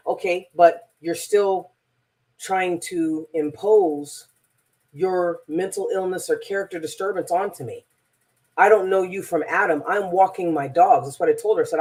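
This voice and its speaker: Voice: mid-range voice, moderate pace, husky. A transformational coach telling a personal story in a rambling, emphatic monologue, often repeating words.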